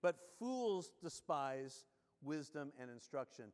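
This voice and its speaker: A man preaching in a church sanctuary, his voice sitting high for a man and ringing out with a long hall reverb. He tells stories with animated energy and slows down, going low and solemn, when he reads verses. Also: smooth. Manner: animated storytelling, drops low and slow when reading scripture. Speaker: pastor. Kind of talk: sermon.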